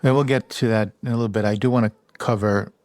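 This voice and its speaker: Guy hosting a podcast, deeper voice, encouraging, dry close mic. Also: fairly even intonation, fast, darkish tone, no echo. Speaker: podcast host. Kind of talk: interview questions.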